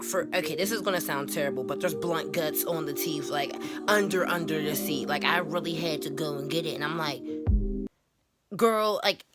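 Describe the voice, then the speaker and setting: Young woman ranting about driving stories, says like a lot, lowish voice, loud music behind. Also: brisk. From Pittsburgh, USA. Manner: animated, heavy use of "like", acts out dialogue. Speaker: vlogger and rideshare driver. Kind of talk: casual storytelling rant.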